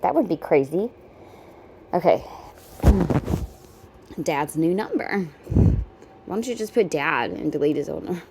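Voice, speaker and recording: Woman vlogger reacting casually, chatty, exclamatory, lowish voice, faint noise behind. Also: big pitch swings, unhurried, creaky, pauses often. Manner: chatty, exclamatory, laughs often.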